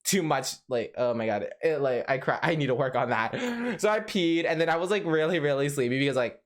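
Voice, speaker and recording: A young man vlogger telling a story in a casual, animated way, full of "like" fillers and laughter. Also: a little high, fairly quick. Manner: animated, swoops between laughing and mock-crying, heavy "like" filler.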